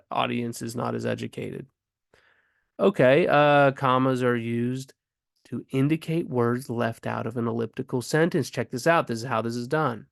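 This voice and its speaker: A man's voice: medium pitch, gravelly, no room sound, studio quality. A man teaching grammar casually, thinking aloud with frequent ums and restarts. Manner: rhetorical questions asked with rising emphasis.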